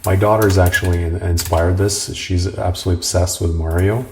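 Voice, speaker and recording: A man hosting a casual tech tutorial, talking in a relaxed, rambling way with filler words. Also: low-pitched, brisk, noisy background. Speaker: host.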